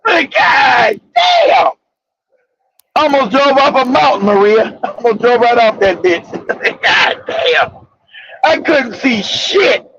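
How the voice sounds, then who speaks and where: A man hosting a casual talk show, telling rambling, profane stories with bursts of shouting. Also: very high voice, lively intonation, unhurried, slight background noise. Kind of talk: casual storytelling chat. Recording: dull lo-fi audio.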